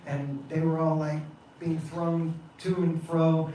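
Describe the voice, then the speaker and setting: A man telling a devotional story to a temple gathering in an animated, laughing way. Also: fairly high pitch, slow. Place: temple hall. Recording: echoey hall, distant mic, faint noise.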